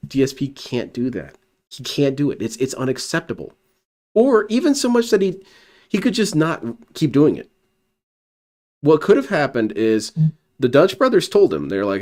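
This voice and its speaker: A man's voice: medium pitch, lively intonation, a little fast, darkish tone. A man reacting to clips on a stream, talking back at them with sarcastic, mocking commentary.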